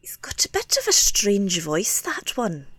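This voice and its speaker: Gossipy ship's cleaner, played by a woman, sing-song high voice, dry sound. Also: huge pitch swings, a little slow, a bit bright, breathy edge, dry recording, full character voice. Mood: gossipy grumble. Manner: grumbling, confiding gossip.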